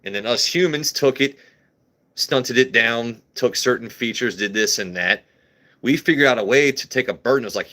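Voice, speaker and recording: A man's voice: mid-range voice, moderate pace, sharp tone. A young man hosting a casual whiskey livestream, joking crudely and answering his chat as he pours.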